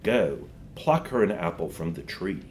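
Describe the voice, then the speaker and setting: A man reading as a grave, gentle lion. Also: low voice, animated, a little hiss or hum. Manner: slow, grave, soft-spoken. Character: solemn, gentle great lion speaking to a child. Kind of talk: reading a storybook aloud.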